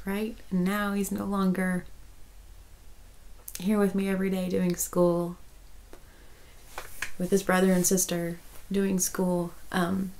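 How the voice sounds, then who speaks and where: A woman crochet vlogger chats casually, rambling, restarting many times and growing emotional. Her voice is fairly low and darkish, captured in a low-quality recording.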